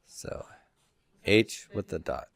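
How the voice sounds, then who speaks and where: A man's voice: takes it slowly, dry recording, studio quality. A man teaching a class, drawing out letter sounds and adding joking asides. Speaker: Hebrew teacher. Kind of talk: classroom lecture.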